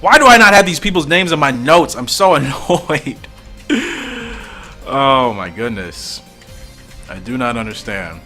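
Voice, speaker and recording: A man casually talking his way through a comic, musing and thinking aloud as he goes. His mid-pitched voice rises and falls in lively swings and often trails low. Faint music plays behind him. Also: a little slow. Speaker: comic reader and commentator.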